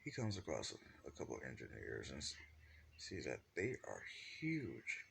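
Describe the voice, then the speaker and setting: A man's voice: extremely low pitch, wildly swooping pitch, normal speed, creaky, fairly bright tone, a little hiss or hum. A man telling an improvised fan-fiction story in a rambling way, with many restarts.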